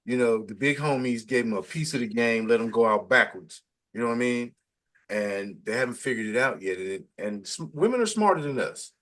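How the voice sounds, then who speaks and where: A middle-aged man interviewing in casual chat, talking in a preachy, emphatic way, his pitch jumping up to stress a point. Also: animated, a little fast, fairly bright tone.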